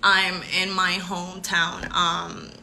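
Bright-voiced young Puerto Rican woman chatting. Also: on the low side, level tone, takes it slowly, gravelly, a little hiss or hum. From Puerto Rico. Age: 20s. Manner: chatty, upbeat, many fillers like "um" and "like". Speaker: pageant contestant. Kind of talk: casual live chat with fans.

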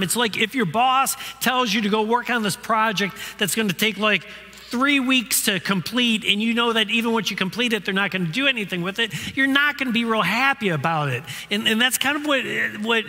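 A man's voice: high-pitched, sharp tone, big-room sound. A male pastor preaching a sermon, retelling the story in a casual storytelling way with everyday comparisons. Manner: casual storytelling with modern analogies.

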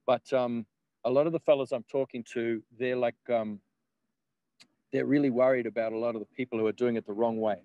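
A man talking as a guest in a loose, rambling way, peppered with laughs and swearing. His voice sits at an ordinary middle pitch. The sound is dry and close. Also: steady tone, brisk, mellow, dry recording, highs cut off. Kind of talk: casual conversation.

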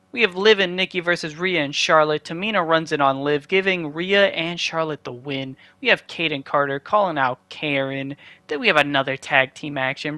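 A young man casually recapping a wrestling video game in quick play-by-play with dry asides. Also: a little high, pushed and bright, dry recording. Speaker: gaming channel host.

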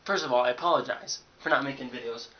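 Young man, college student, sarcastic animated rant, dorm room, muffled lo-fi sound. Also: fast talker. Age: young adult. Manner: sarcastic, animated storytelling with jumpy pitch. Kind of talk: casual vlog rant. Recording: dull lo-fi webcam audio with hiss.

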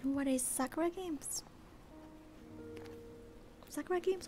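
A female livestreamer chatting in whispered role-play, soft and bubbly, at home at night. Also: high voice, unhurried, faint music behind.

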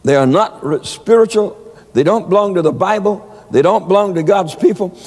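A man's voice: sits high, normal speed, darkish tone, husky, long reverb tail. A man preaching a sermon, telling stories with many stammered repeats. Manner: storytelling with frequent stammered repeats.

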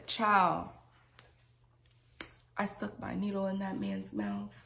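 A woman's voice: mid-range voice, slow pace, creaky, a little hiss or hum. A woman dental hygienist telling a dramatic storytime to viewers in a casual, slangy way, talking straight to them. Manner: animated, dramatic, slangy, addresses viewers directly.

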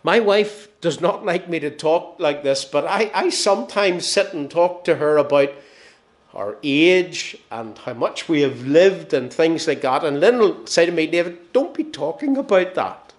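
A man's voice: a little high, expressive. Northern Irish preacher in his sixties. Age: 60s. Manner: storytelling with gentle humour, dropping soft and slow at phrase ends. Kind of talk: sermon.

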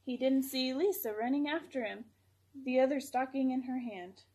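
A woman reading a picture book aloud to children, gentle and expressive. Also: high voice, moderate pace, breathy edge.

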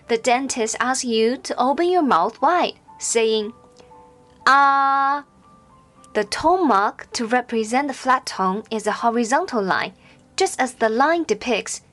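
A high-pitched woman gives a scripted pronunciation lesson at an unhurried pace. She enunciates every syllable with care and draws out her examples. Soft music plays faintly underneath. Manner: slow, careful, clearly enunciated with drawn-out example syllables. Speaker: Mandarin pronunciation teacher. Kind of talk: scripted instructional narration.

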